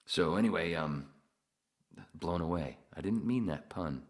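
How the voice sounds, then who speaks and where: A podcast host with a very deep voice spins a long, loose story. He swears freely, laughs at his own tale, and speaks in casual conversation. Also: lively intonation, normal speed.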